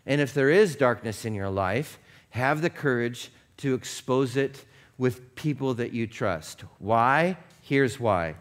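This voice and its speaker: A man's voice: mid-range voice, takes it slowly. A male pastor delivering a sermon with a mid-range voice. He talks to the congregation in a conversational way and builds to emphatic, urgent peaks. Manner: animated storytelling preacher, acts out dialogue.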